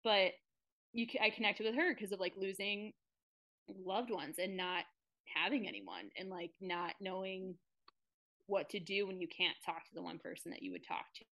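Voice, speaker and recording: Woman, young adult, casual chat, earnest, rambling, middle pitch. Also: expressive, a bit bright. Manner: earnest, rambling, quick to open up. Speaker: podcast guest.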